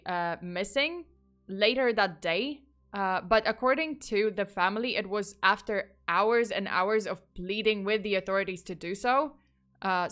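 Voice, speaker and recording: A woman's voice: medium pitch, pushed and bright, smooth. A woman telling a true crime case in a casual, chatty way, drifting into asides and frustrated outbursts.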